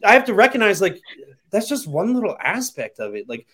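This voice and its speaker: A man with a slightly raised pitch hosts an easygoing podcast conversation. He speaks frankly, with the odd casual swear word. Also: sing-song, fairly quick, a bit bright, slightly rough. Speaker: podcast host. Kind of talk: casual chat.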